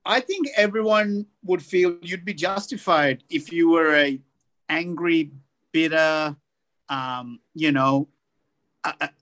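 A man's voice: fairly high pitch, slow, a bit bright. A man co-hosting a podcast, asking rambling, hesitant questions in casual chat. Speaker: podcast co-host.

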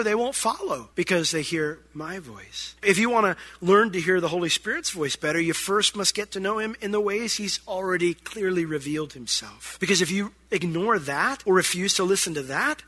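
High, bright-voiced man preaching. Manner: conversational preaching with acted-out asides. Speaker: pastor. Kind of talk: sermon.

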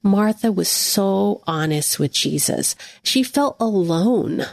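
A woman's voice: mid-range voice, lively intonation, takes it slowly, creaky, no echo, studio quality. Earnest woman giving a devotional talk. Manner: warm, earnest, addresses listener as friend. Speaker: Christian devotional speaker. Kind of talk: gentle devotional teaching.

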